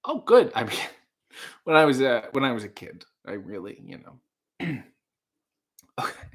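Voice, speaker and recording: A man's voice: mid-range voice, very animated, a little slow. A man playing a nervous, overly polite restaurant waiter in an improvised comedy sketch, stammering and laughing awkwardly. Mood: flustered.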